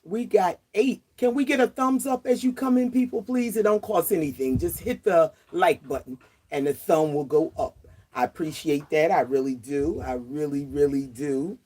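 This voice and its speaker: Woman, 60s, livestream host; casual chatter outdoors, quick to laugh, greets viewers. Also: sits low, mellow, husky.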